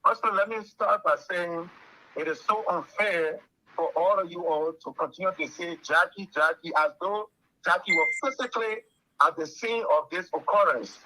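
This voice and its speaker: A man's voice: sits high, normal speed, bright, forceful tone, a little hiss or hum, rough recording. A man calling in to a radio talk show, speaking in an earnest, lecturing way and often repeating words. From Liberia. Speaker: caller. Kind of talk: call-in radio commentary.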